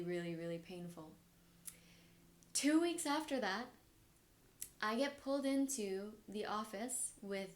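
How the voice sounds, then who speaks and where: A young adult woman hosting a podcast, telling a personal story in a candid, reflective way with soft laughs. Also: medium pitch. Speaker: podcast host.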